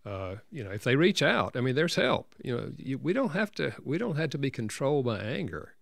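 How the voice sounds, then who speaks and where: An older man, a counselor and author, telling a personal story as an interview guest in an earnest, gentle way. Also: mid-range voice, very animated, brisk, vocal fry, no echo, studio quality.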